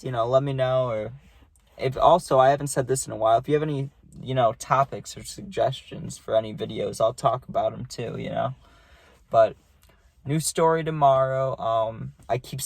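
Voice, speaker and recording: A man's voice: mid-range voice, a little mellow, no echo. A young man telling a casual storytime with a rambling, profane manner and lots of fillers. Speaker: storytime vlogger.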